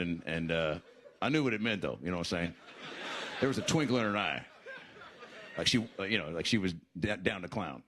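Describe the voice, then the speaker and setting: Very deep-voiced man telling stand-up jokes. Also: a bit bright, a little hiss or hum. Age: 50s. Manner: slow, halting delivery with many "uh"s. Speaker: stand-up comedian. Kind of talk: deadpan stand-up set and interview. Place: comedy club stage.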